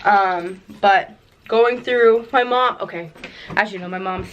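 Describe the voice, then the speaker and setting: A woman's voice: mid-range voice, unhurried, lo-fi sound. Chatty young woman vlogging. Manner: chatty, rambling, giggly. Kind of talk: casual vlog chat.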